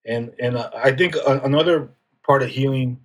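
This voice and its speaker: Husky man, halting and reflective. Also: mid-range voice. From United States. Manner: reflective, halting with many restarts. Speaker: guest healer. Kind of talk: casual conversational interview.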